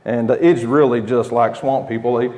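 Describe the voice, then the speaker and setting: A man's voice: mid-range voice, fairly even intonation, normal speed, mellow. A man in his thirties with an Oklahoma accent, telling a casual, rambling story to the camera with restarts and chuckles. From United States. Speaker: homesteading channel host.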